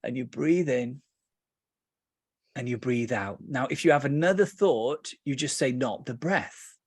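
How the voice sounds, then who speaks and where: British man, meditation teacher, slightly rough voice, dry sound, playful stories, calm guiding. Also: mid-range voice, no echo. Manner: lively storytelling, playful asides; slows and softens into calm guidance.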